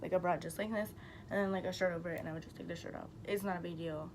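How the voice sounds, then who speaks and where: A woman's voice: on the low side, fairly even intonation, very fast, darkish tone, slight background noise, rough recording. A young woman chatting casually to her camera, telling a rambling story full of "like" and the odd swear.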